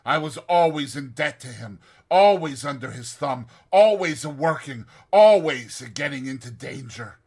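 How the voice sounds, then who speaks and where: A man voicing a rough old male convict who tells his past in rough, ungrammatical old-fashioned speech, read as an audiobook. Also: a little high, animated, normal speed, few pauses, darkish tone. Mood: grim. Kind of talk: audiobook reading.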